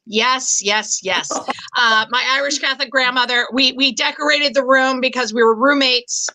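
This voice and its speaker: On a comedy club stage, a middle-aged stand-up comic from the Boston area performs her set, her high voice sounding very bright through a handheld mic. She jokes at her own expense in a halting way, with lots of ums and stumbling restarts. The audio quality is poor.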